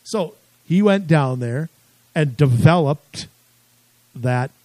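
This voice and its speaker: Chatty rambling man with lively pitch. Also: slow pace, no room sound, low-quality recording. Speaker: co-host. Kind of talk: casual political talk.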